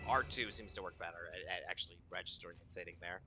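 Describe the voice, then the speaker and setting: Male streamer with a lowish voice, loose profane game-stream chatter, background noise. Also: rapid-fire, bright, forceful tone. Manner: swears often, laughs at his own jokes. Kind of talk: casual gameplay commentary.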